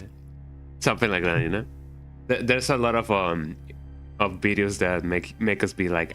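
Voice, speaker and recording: A man's voice: low voice, fairly quick, a bit bright, faint music behind. A man streaming a game, chatting casually in a rambling way with many fillers and restarts, his first language Spanish. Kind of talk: casual gaming stream chat.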